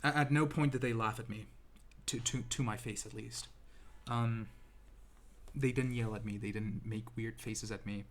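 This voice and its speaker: A man's voice: fairly low pitch, steady tone, normal speed, a little hiss or hum. A young man telling a personal story to camera in a rambling, self-deprecating way, full of restarts and ums, seated indoors. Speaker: vlogger. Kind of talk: casual storytelling monologue.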